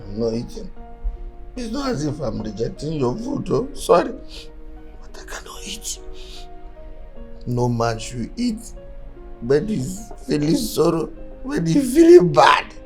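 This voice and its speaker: A man's voice: a little high, wildly swooping pitch, measured pace, pauses often, over music. A man with a Nigerian accent playing a distraught young man who wails, sobs and laughs in grief over his friend. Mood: grief-stricken. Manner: wailing, swings between sobs and laughs. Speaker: grieving friend refusing food. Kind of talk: Nollywood film acting.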